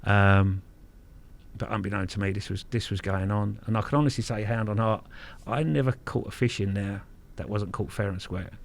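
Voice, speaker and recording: A man's voice: fairly low pitch, normal speed, vocal fry. A middle-aged man from Kent, telling stories as a guest in a casual interview, frank and earthy, swearing freely and repeating words. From Kent, England. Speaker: guest angler.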